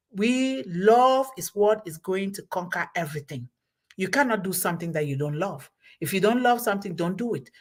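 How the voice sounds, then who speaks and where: A woman's voice: mid-range voice, fairly bright tone. Emphatic woman giving a motivational talk. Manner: emphatic, repetitive, preacher-like exhortation. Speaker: host.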